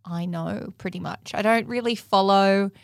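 A woman's voice: medium pitch, moderate pace, creaky, dry recording, studio quality. A woman guest in a casual chat, playful and giggly as she tells stories. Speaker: podcast guest.

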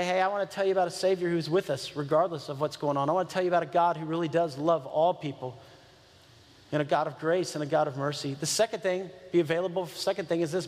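High-voiced pastor preaching in a reverberant hall. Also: male voice. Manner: conversational and earnest, repeats key phrases for emphasis. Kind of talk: sermon. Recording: long reverb of a large hall.

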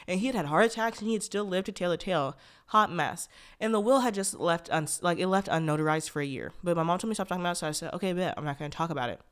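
Young woman with a smooth voice. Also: lowish voice, fast. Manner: rambling, frequent "like" fillers and restarts, blunt and profane. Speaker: podcast host. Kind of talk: candid personal storytelling.

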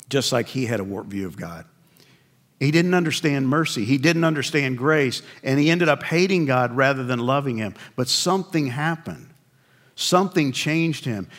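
Conversational man preaching a sermon. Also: mid-range voice. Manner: conversational, confessional preaching with quiet asides. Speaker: pastor.

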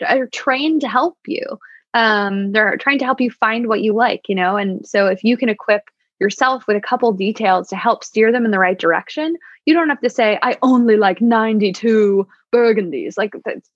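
A woman's voice: fairly high pitch, expressive, normal speed, fairly bright tone, no echo. A woman sommelier chatting as a podcast guest, upbeat with wry asides. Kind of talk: casual podcast interview. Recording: dull, slightly lo-fi dry sound.

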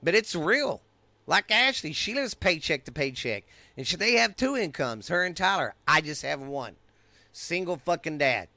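A man's voice: a little high, big pitch swings, normal speed, sharp tone, no room sound. A middle-aged man with a Texan accent, hosting a podcast and delivering an angry, profane rant in his own voice. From United States. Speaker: podcast host. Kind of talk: ranting monologue.

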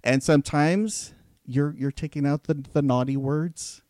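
A man's voice: a little high, steady tone, a little slow, darkish tone, dry recording, clean studio sound. A man who works as a voice actor, chatting casually as a podcast guest and telling stories with easy laughs.

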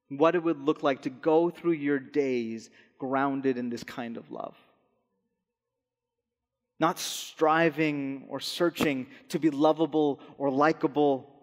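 Young male pastor, fairly high voice, earnest sermon delivery, long hall reverb. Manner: earnest, slow and soft on key phrases. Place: church hall.

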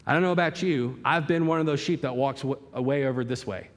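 A male pastor with a mid-range voice preaches quickly in a church hall. His sermon is emphatic, packed with rhetorical questions and vivid illustrations.

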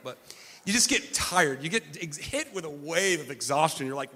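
New guy preaching, bright tense voice, lots of i-i-i restarts, echoey hall. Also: on the high side, animated, normal speed, breathy edge. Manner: earnest and self-deprecating, with frequent stammered restarts. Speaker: pastor. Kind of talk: sermon.

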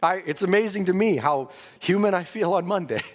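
High pitched guy preaching, earnest, ups and downs in emphasis, echoey hall. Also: expressive, fairly quick. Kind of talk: sermon.

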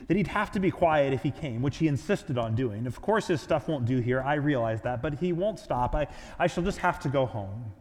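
A man's voice: mid-range voice, animated, moderate pace, few pauses, lightly acted. A man voicing a petulant, evasive male ghost who stammers out excuses, heard in a large hall with long reverb. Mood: fretful. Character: fretful, evasive male ghost clinging to his vice.

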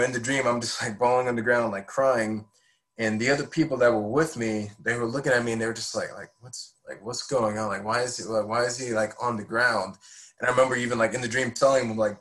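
A man's voice: medium pitch, fairly bright tone, low-quality recording. A man in his twenties, a podcast guest, telling his faith story in an earnest, heartfelt way. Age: 20s. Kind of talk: personal faith testimony.

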